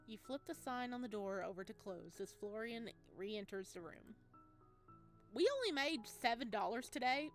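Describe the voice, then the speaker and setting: A woman's voice: mid-range voice, expressive, normal speed, soft background music. A woman playing a visual novel and reading its text and lines aloud, playful. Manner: playful, does all the voices. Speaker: let's play streamer.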